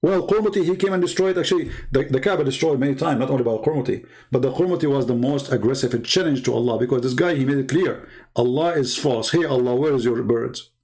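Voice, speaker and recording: Talking fast in a mid-range, darkish voice, a male show host runs through a scornful, sarcastic monologue. Heated rhetorical questions fill his commentary.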